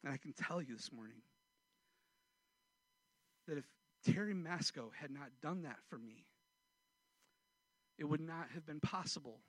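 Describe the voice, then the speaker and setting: A pastor in his forties preaches a sermon and tells a personal story, swinging between loud outbursts and hushed, quiet passages. His voice is on the high side, with no room sound.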